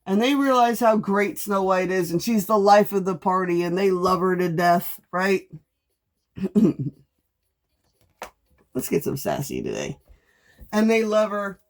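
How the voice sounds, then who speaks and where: Sassy, animated woman tarot reader. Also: mid-range voice, measured pace, long pauses. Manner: sassy, animated, swears freely. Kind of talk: casual storytelling monologue.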